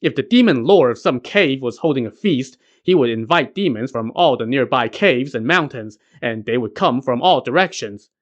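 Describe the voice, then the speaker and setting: A man's voice: medium pitch, animated, moderate pace, few pauses, muffled recording, close to an everyday voice. A man voicing a brash monkey king. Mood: confident. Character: brash, cocky male monkey king, quick-talking.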